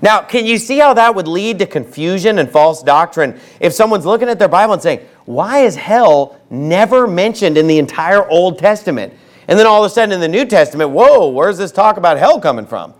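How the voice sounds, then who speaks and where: A man preaching a fiery sermon as pastor, swinging from low asides to shouted outbursts and slowing down to stress quotes from scripture. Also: lively intonation.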